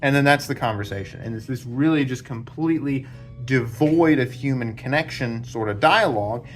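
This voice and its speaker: A man's voice: mid-range voice, normal speed. Male book-channel host, casual lecturer, lots of "you know", mid-range voice, faint guitar bed. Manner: rambling, filler-heavy, sketches diagrams while talking. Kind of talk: casual explanatory talk at a whiteboard.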